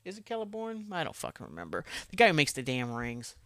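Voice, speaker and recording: A man's voice: on the high side, huge pitch swings, quick pace, sharp tone, no room sound, studio quality. A man hosting a casual solo podcast, rambling, swearing freely and poking fun at himself. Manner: rambling, profane, self-deprecating. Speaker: podcast host.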